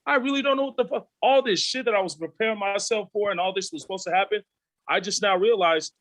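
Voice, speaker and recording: A man in his thirties shares blunt, profane stories as a podcast guest. His voice sits a little high for a man, and he slips into the voices of his old friends as he goes. The sound is close and dry. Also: fast, no room sound, low-quality recording. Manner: profane, animated, acts out voices of peers. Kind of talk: candid storytelling.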